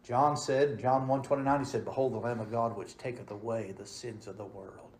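A man preaching a sermon as pastor, swinging between loud, emphatic passages and soft, hushed ones. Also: mid-range voice, steady tone, fairly quick. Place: church sanctuary. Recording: roomy church echo.

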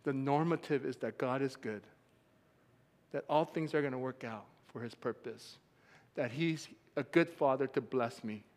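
Animated preacher in a reverberant hall. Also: male voice, medium pitch, normal speed. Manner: animated storytelling, acts out quotes, laughs often. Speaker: pastor. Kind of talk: sermon. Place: church sanctuary.

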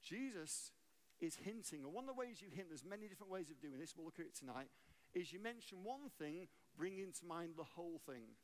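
A man's voice: fairly high pitch, animated, a little fast. A man giving a sermon as a guest preacher, conversational and joking, asking the audience questions.

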